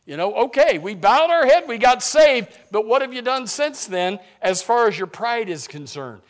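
A male preacher with a notably high voice delivers a sermon that swings between hushed, conversational asides and loud, impassioned passages. He often stumbles into restarts and repeats words as he builds momentum. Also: very animated, moderate pace.

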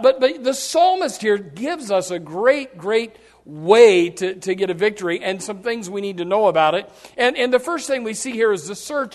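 Very high-voiced folksy man preaching. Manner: folksy, repetitive restarts, acts out quotes. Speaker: pastor. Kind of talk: sermon.

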